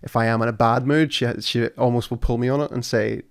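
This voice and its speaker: A man hosting a casual podcast, telling stories in an animated, sarcastic way. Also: mid-range voice, quick pace, clean tone. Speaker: podcast host.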